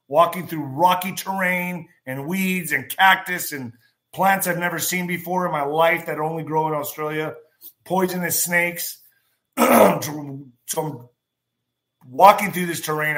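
A man hosting a show, telling a rambling, anecdotal story in a casual monologue and often clearing his throat. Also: fairly high pitch, sharp tone.

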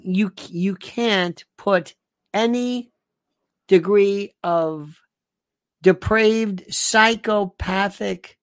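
Slow-talking, scornful woman commentator. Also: medium pitch, no room sound, clean studio sound. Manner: indignant, repeats phrases for emphasis; sarcastic and scornful. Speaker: political commentator. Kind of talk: political commentary monologue.

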